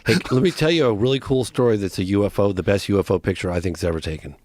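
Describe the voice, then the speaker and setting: A man's voice: on the low side, quick pace, darkish tone, slight background noise. A man on a podcast as a guest, rambling through a story in casual chat and acting out his own thoughts. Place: podcast studio.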